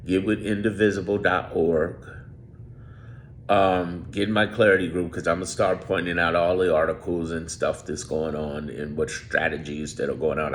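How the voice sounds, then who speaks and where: A man's voice: sits low, little pitch movement, normal speed, a little hiss or hum. A man giving off-script political commentary straight to his viewers, emphatic and repetitive, drawing out his words. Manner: emphatic, drawls, repeats phrases. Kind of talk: off-script direct-to-camera commentary.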